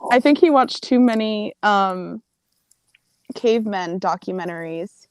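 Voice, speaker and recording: A woman's voice: medium pitch, a little slow, darkish tone, a little hiss or hum. A woman in casual chat, making joking asides.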